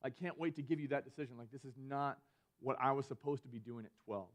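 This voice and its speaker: A man's voice: mid-range voice, fast talker. A young man, a student ministry pastor giving a conversational youth sermon, full of "like" fillers as he retells a personal story. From Georgia.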